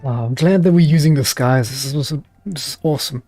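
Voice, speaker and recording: A man's voice: medium pitch, brisk, dark tone, soft background music. A man from South Africa with a South African accent, chatting and joking his way through a game stream and laughing often. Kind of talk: casual gameplay commentary.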